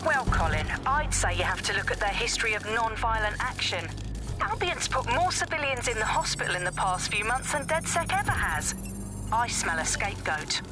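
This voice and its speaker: A woman's voice: a little high, very animated, normal speed, music in the background, low-quality recording. An actress playing a female radio talk show host who questions her callers. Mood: questioning.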